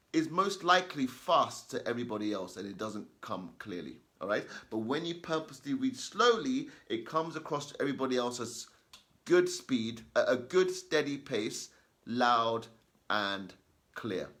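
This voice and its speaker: Animated man teaching kids to read aloud. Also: a little high. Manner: emphatic, repeats okay and all right constantly; reads example sentences slowly and deliberately. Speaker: teacher giving reading tips. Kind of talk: lesson to children on reading aloud.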